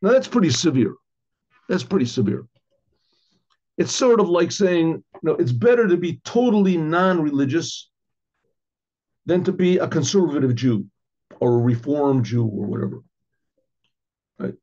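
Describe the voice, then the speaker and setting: A middle-aged man, a rabbi, teaching an informal class in a conversational way, restarting phrases, asking rhetorical questions and often clearing his throat. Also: a little high, animated, unhurried, long pauses, a little mellow. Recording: dull lo-fi recording.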